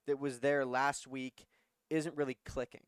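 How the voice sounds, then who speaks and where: A man's voice: mid-range voice, little pitch movement, measured pace, clear, resonant tone, no echo, studio quality. A young man co-casting a college esports match who calls plays and cheers his team on in a casual way. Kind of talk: play-by-play and color commentary.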